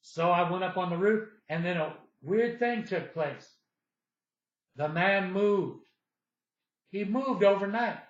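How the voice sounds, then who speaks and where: A middle-aged man with a high voice tells a personal story, wandering and circling back with filler words. The recording is dull and lo-fi, with a roomy echo around him. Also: expressive, slow, pauses often. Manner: meandering, repeats himself with fillers and restarts. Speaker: storyteller recounting personal experiences. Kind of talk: rambling personal monologue.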